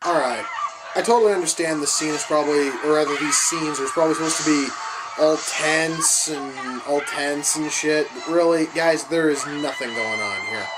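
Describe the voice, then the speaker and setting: A man reviewing movies in a profane, sarcastic rant, swinging from mutters to high-pitched outbursts of disbelief. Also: very animated, normal speed, loud music behind the voice, low-quality recording. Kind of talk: profane reaction commentary.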